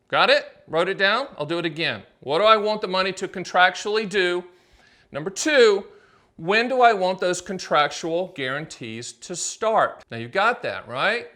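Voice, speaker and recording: A middle-aged man hosting his own show as an agent, explaining to camera in a punchy, salesy patter full of rhetorical questions and quick asides. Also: high-pitched, big pitch swings, bright, forceful tone. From United States. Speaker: annuity agent and show host. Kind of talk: energetic solo explainer to camera.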